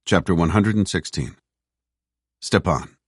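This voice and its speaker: A man reading a thriller audiobook in a measured, steady narration on a close mic. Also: sits low, husky, no room sound. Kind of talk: scripted narration.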